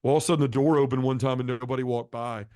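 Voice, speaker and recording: A man's voice: mid-range voice, steady tone, very fast, dark tone, dry recording, clean studio sound. A middle-aged man sharing his personal testimony as an interview guest, telling his story in an earnest, heartfelt way.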